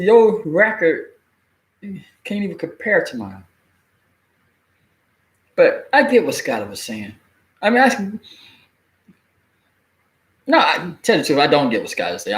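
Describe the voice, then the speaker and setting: A man giving a blunt, animated opinion rant in casual, colloquial speech, cursing freely and laughing at his own jokes. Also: on the high side. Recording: echoey room.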